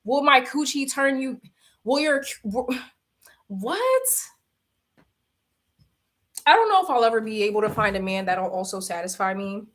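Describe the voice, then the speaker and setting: A woman's voice: on the high side, a little fast, a bit bright. A young woman hosting a livestream, chatting candidly with viewers in slangy talk and laughing often. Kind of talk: casual chat.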